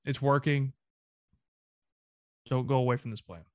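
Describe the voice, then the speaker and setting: Southern male co-host, emphatic and profane, mid-pitched, dry recording. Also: a little slow, no room sound, lo-fi sound. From American South. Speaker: sports podcast co-host. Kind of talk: casual sports chat.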